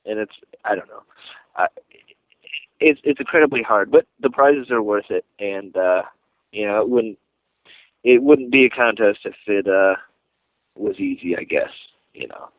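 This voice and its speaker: A man leaving a rambling, halting voicemail message full of restarts. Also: fairly low pitch, no room sound. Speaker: voicemail caller. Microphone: phone. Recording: tinny phone line.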